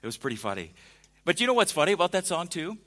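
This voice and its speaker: A man's voice: on the high side, big pitch swings, quick pace, fairly bright tone. A man preaching a sermon in a conversational way, asking his listeners questions. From United States. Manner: conversational, asks the audience questions. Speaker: pastor.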